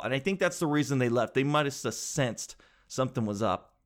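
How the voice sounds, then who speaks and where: A young man telling a story in a casual, animated way, swearing freely and acting out what others said. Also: mid-range voice, normal speed. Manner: animated, swears freely, acts out quoted voices.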